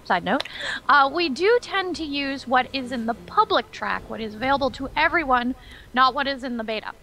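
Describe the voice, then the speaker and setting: Woman, community manager, livestream host, high voice, chatty, upbeat. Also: normal speed, bright, forceful tone, poor audio. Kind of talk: casual livestream chat.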